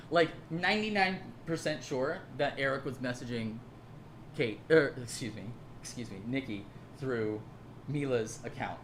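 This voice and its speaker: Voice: medium pitch, measured pace, fairly bright tone, a little hiss or hum. A creator giving a casual, sarcastic ranting commentary to camera at home, laughing often as they mock.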